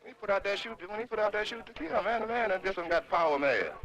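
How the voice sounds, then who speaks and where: A man in a heated interview, talking in animated, rambling street slang. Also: high-pitched, fast. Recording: dull 1960s documentary film audio.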